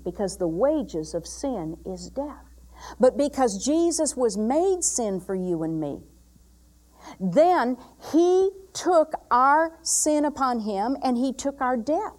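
A woman preaching a sermon, moving from loud emphatic bursts to hushed, intimate passages. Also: fairly high pitch, expressive, slow.

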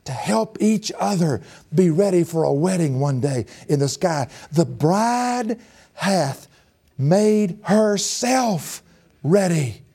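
A man preaching a sermon in a folksy, animated and emphatic way. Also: sits high, slow pace, vocal fry, slightly rough.

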